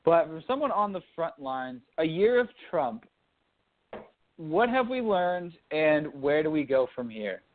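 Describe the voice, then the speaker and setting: A man's voice: on the high side, very animated, unhurried, a little hiss or hum. A young man from Dallas co-hosting a radio talk show, chatting casually about sports and politics and often restarting his sentences. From Dallas, Texas. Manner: rambling, restarts mid-thought. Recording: phone-line quality audio.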